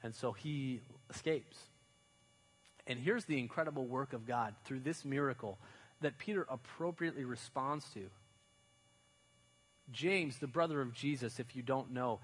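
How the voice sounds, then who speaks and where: A male pastor giving a relaxed, conversational sermon. He talks like a friend explaining a story, with slang and loose, chatty phrasing. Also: mid-range voice, husky, rough recording. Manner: chatty, uses slang and fillers, dramatizes stories.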